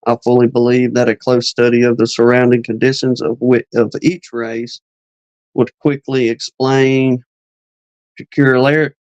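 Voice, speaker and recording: A man's voice: medium pitch, flat delivery, darkish tone, no room sound, lo-fi sound. A man hosting a live chat, reading an old beekeeping text aloud, tripping over words and adding casual asides. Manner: reads slowly, stumbles on words and adds asides.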